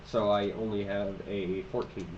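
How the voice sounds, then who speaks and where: Male player, low voice, heard from afar through a muffled mic with noise. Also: little pitch movement, normal speed, far from the mic. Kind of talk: casual tabletop game chat.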